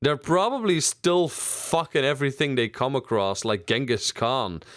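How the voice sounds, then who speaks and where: A man's voice: medium pitch, unhurried, fairly bright tone, dry recording, studio quality. A young man co-hosting a podcast, rambling and joking crudely in casual banter. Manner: rambling, crude and jokey, many restarts. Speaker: podcast co-host.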